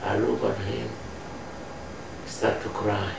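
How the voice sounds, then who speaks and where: Older man speaking halting English, roomy distant recording. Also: fairly low pitch, steady tone, creaky. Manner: halting, searching for words in non-native English. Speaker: interviewee recounting memories. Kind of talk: oral history interview. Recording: roomy distant mic with faint noise.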